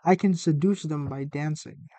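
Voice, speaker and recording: A young man plays a video game with his girlfriend and chats as they go, teasing and joking with her. His voice sits a little high for a man. The sound is close and dry. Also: moderate pace, warm tone, no room sound. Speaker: streamer's boyfriend. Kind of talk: casual gaming chat.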